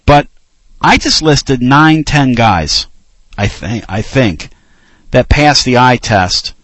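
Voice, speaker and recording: A man hosting a casual sports talk radio show, speaking earnestly and with heartfelt pauses. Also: medium pitch, expressive, fairly bright tone, no room sound, poor audio.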